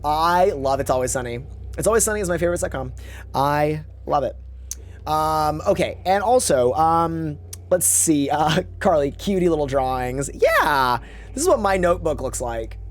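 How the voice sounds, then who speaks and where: A man's voice: a little high, sing-song, moderate pace. A man streaming a game, chatting casually in a rambling way with campy slang and reading chat aloud. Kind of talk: casual live-stream chat while gaming.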